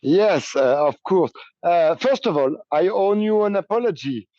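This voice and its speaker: A man with a French accent speaks English haltingly, pausing often to search for words. His voice sits fairly high for a man. He is heard over a dull, muffled remote call line with little room sound. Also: animated, mellow, no room sound. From France. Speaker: union leader and train operator. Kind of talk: interview answers.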